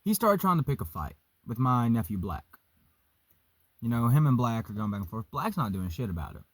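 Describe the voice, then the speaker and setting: A young man casually telling a story, profane and animated, vaping as he talks. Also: mid-range voice, brisk, no room sound. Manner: vaping while talking.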